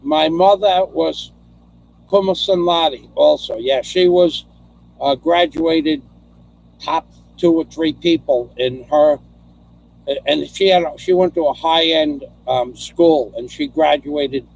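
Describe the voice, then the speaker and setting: A man's voice: on the high side, takes it slowly, gravelly, darkish tone. A middle-aged man hosting a casual chat, telling rambling stories and reading out viewer comments, often repeating himself as he goes.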